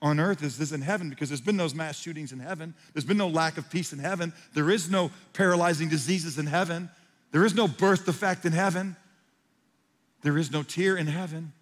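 Male pastor, sermon, slightly high voice, emphatic, long hall reverb. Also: a little fast. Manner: swings from hushed to loud, emphatic preaching.

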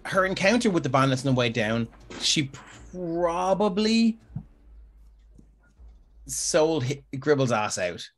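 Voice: medium pitch, very animated, slow. A game master narrating a tabletop game, rambling and restarting sentences as they explain dice results.

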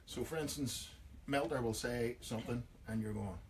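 A radio host with a Northern Irish accent runs a comic chat, mimicking everyday overheard phrases in jokey voices. His voice is mid-range, his pace moderate, and there's a little hiss or hum on the recording.

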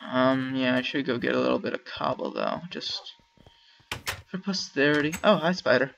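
A man's voice: medium pitch, moderate pace, gravelly, a bit bright, muffled recording, a little hiss or hum. A man casually commenting while playing a video game, chatting wryly and talking to the animals on screen. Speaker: let's play gamer.

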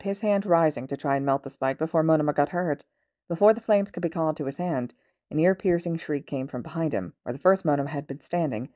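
A woman narrating a fan fiction audiobook with steady, even storytelling. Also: low-pitched, no echo, studio quality. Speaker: podfic reader.

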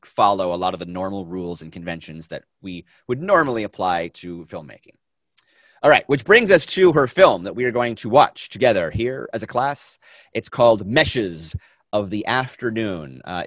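A man teaching a film class, talking in a lively, conversational way and asking the students questions. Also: fairly low pitch, no room sound. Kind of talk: classroom lecture.

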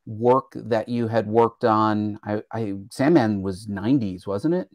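A man's voice: lowish voice, a little slow, a little mellow, dry recording. Dry-voiced man co-hosting a chat. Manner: teasing, prompting the guest. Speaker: podcast co-host. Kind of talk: casual interview chat.

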